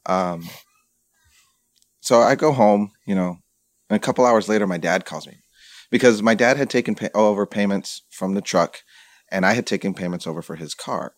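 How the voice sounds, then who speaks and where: A man's voice: fairly low pitch, normal speed, no echo. A young man hosting a podcast, telling a long personal story in casual chat and swearing freely. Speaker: podcast host.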